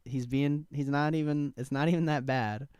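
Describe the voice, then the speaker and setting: A man's voice: fairly high pitch, fairly even intonation, moderate pace, darkish tone, clear, resonant tone, no room sound, studio quality. A young man hosting a live trading stream, laid-back, swearing casually and laughing often as he answers chat. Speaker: stock trading livestream host.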